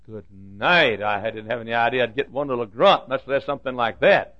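An older man, a pastor, telling a story from the pulpit with halting restarts and bursts of loud preaching. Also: medium pitch. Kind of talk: sermon storytelling. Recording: dull lo-fi sermon recording.

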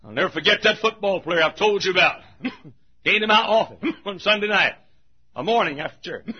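Husky high-voiced preacher, shouting and hushing. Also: male voice, expressive, moderate pace. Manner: emphatic preaching, swinging between shouts and hushed asides. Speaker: pastor. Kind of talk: sermon. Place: church. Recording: dull lo-fi recording.

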